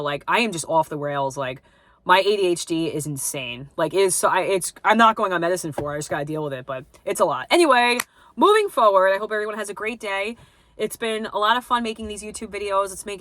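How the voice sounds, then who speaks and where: A woman's voice: fairly low pitch, fairly bright tone, no echo. Young New woman vlogging, blunt and scattered, dead-dry close mic. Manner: rambling, lots of "like" and restarts; blunt, self-deprecating. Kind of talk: casual vlog monologue.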